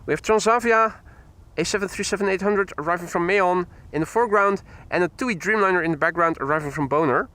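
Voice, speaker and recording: A man hosts a live plane-spotting stream, chatting and laughing as he reads out viewer comments. His voice sits high and sounds bright and crisp. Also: fast.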